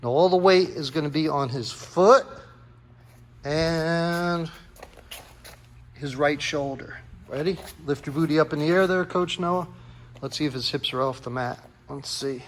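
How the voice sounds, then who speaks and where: A man's voice: a little high, a little slow. A man coaching a kids' jiu-jitsu class, calling out counts and encouraging a young helper. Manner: upbeat, encouraging, calls out counts.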